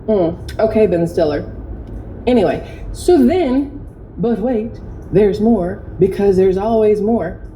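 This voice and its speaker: A woman hosts an opinion vlog with a mellow, dark-toned voice. She rambles in a chatty way and gets sarcastic and indignant, with faint noise behind her. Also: mid-range voice, rough recording. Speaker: commentary host.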